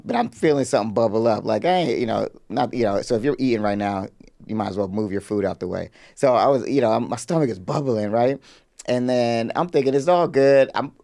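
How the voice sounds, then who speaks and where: A man's voice: on the low side, a little mellow. Laughing man telling a story. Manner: storytelling, laughs often, acts out voices. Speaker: podcast co-host. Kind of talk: casual chat.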